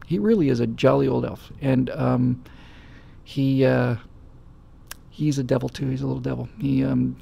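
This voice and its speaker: A man's voice: medium pitch, steady tone, normal speed, creaky, long pauses, mellow, slightly rough, muffled recording. A man hosting a live show, telling stories in a rambling, casual way with many fillers. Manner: rambling and anecdotal with frequent fillers. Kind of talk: casual storytelling chat.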